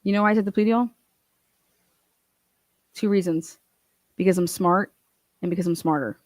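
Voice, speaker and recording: A woman's voice: fairly low pitch, moderate pace, a little mellow, dry recording, clean studio sound. A woman hosting a commentary channel, ranting in a profane, combative way and acting out other people's voices. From Ohio.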